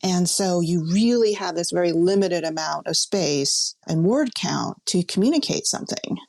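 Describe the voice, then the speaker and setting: A woman freelance food writer with a fairly low, gravelly voice. She talks in a wry, emphatic way in a relaxed podcast chat. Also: moderate pace. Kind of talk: casual podcast discussion.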